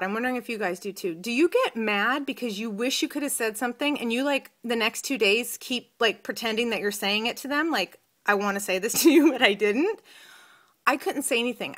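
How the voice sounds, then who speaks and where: A woman in her thirties chatting to camera in a vlog, telling a long story in a rambling, animated way. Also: a little high. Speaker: vlogger. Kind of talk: casual chat to camera.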